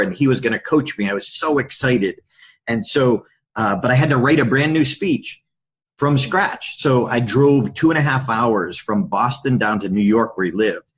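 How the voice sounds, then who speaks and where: A middle-aged man, a podcast guest and public speaker, telling candid stories in a lively anecdotal way. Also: medium pitch, breathy edge. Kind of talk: storytelling in a podcast interview.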